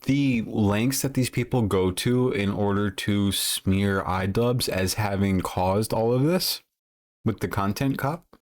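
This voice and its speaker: A man chats casually on a livestream, his voice sitting a little low. He rambles and circles back with fillers and restarts. He swears freely and bluntly. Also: takes it slowly, a little mellow. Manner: rambling, many fillers and self-corrections; blunt and profane. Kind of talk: casual stream commentary.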